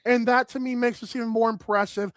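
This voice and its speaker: A man hosting a sports talk show, energetic and rambling with lots of filler words. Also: very high voice, quick pace, dry recording.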